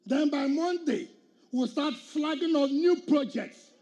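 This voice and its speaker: In an unhurried, slightly mellow voice of extremely high pitch, a middle-aged state governor with a Nigerian accent gives a combative public speech. Outdoors, he confronts the crowd with rhetorical questions and challenges.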